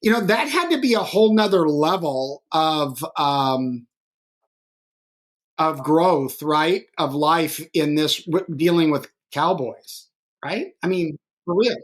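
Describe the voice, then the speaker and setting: A middle-aged man hosting a podcast interview, telling stories in a rambling, animated way full of restarts. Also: fairly high pitch, slow pace. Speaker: podcast host. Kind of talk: conversational interview.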